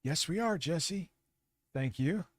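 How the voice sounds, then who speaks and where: A man's voice: a little high, lively intonation, takes it slowly. A man hosting a live stream, commenting on a clip in a sarcastic, crude, casual way. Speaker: streamer host.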